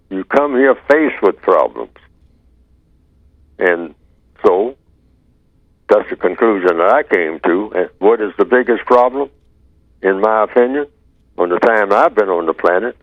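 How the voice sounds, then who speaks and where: Older male talk radio host; slow, rhetorical, steady; low voice, tinny phone sound. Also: no echo. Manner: slow, deliberate, rhetorical questioning. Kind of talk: answering listener email on talk radio.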